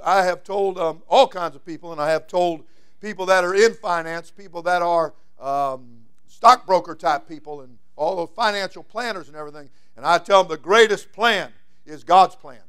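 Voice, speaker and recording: A man preaching a sermon as senior pastor, folksy and plain-spoken, swinging from quiet asides to loud emphatic lines. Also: high voice.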